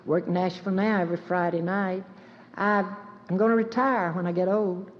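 A woman's voice: lowish voice, steady tone, normal speed, noisy background. A woman, telling folksy, self-mocking stories to an audience and taking questions. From Southern United States. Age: 70s. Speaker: guest speaker taking questions. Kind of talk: storytelling talk to an audience. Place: auditorium with live audience. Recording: lo-fi recording in a reverberant hall.

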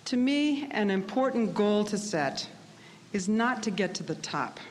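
A woman's voice: medium pitch, animated, a little slow, long reverb tail, slight background noise. A middle-aged woman giving a personal speech to graduates, telling her story in a candid, self-deprecating way. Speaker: speaker addressing graduates.

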